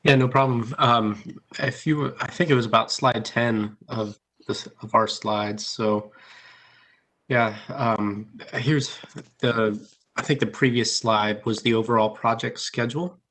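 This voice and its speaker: Steady man presenting on a call. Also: medium pitch, unhurried. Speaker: design consultant. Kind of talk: remote presentation. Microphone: dialed in online.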